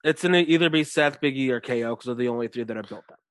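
A man co-hosting a casual wrestling podcast, retelling storylines with fillers and quick imitations. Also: medium pitch, dry recording. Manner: animated storyteller, mimics voices. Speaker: podcast co-host.

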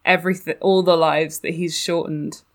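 A woman with a somewhat low voice, talking through favourite book scenes in casual chat. She is animated and laughs between points. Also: moderate pace.

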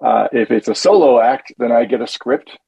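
A man on a panel tells his story in a relaxed, rambling way. His voice is gravelly and a little husky. The audio sounds muffled and dry. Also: medium pitch, moderate pace, no echo. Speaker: panel guest, description narrator. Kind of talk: conversational storytelling.

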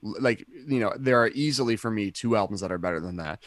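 A man's voice: fairly low pitch, fast, no room sound. Chatty man on a dry mic. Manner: enthusiastic, rambling with many fillers and restarts. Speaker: podcast co-host. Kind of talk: casual chat.

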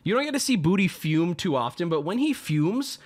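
Animated man telling a story. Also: normal speed. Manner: animated, swearing, acts out friends' lines in a lower voice. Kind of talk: casual storytelling to stream chat.

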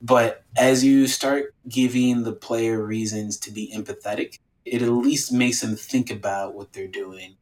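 A man talking casually as a guest about game design, animated and rambling with lots of "like" fillers. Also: medium pitch, a little slow, hardly any pauses. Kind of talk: casual conversation.

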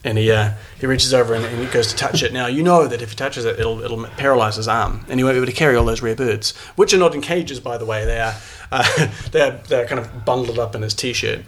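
A man's voice: medium pitch, fast, hardly any pauses, fairly bright tone, a little hiss or hum. A man narrating a tabletop game as game master, rambling and jokey with many fillers.

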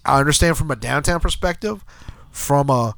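A man's voice: fairly high pitch, moderate pace, gravelly, a bit bright, no echo. A man with a congested, nasal voice from a cold, telling a crude, rambling story on a podcast into a handheld mic. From New Orleans area. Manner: crude, rambling anecdote with frequent asides. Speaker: podcast co-host. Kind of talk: casual storytelling.

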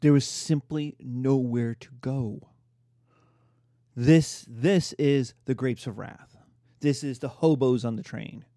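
A middle-aged man giving a lively, emphatic history lecture. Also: medium pitch, slow pace, dry recording, studio quality. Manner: animated, emphatic, mimics voices in quotes.

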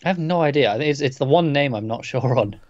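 A man's voice: mid-range voice, animated, fast, a little mellow, no room sound, muffled recording. A man chatting casually about a TV episode, adding dry, nitpicking asides. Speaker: podcast co-host. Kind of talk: casual TV recap chat.

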